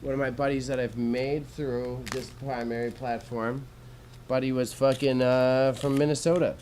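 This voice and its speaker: A man's voice: medium pitch, level tone, normal speed, a little mellow, low-quality recording. Casual Canadian male streamer, young, slangy and laid-back, faint room hum behind. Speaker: livestreamer. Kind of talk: casual livestream chat while sorting jewelry.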